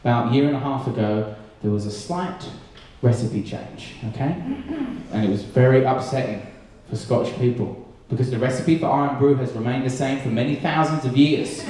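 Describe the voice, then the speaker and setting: A man from England doing a sweary, animated stand-up set, telling stories and slipping into character voices. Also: mid-range voice, normal speed, a little hiss or hum. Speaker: stand-up comedian. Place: comedy club stage with audience. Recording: echoey live room, distant mic.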